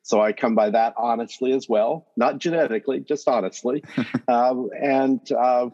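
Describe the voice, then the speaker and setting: A man from Northwest North Carolina with a North Carolina accent, a guest telling his story in a podcast interview in a relaxed, chatty way. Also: medium pitch, normal speed, dull audio. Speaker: guest, math education professor.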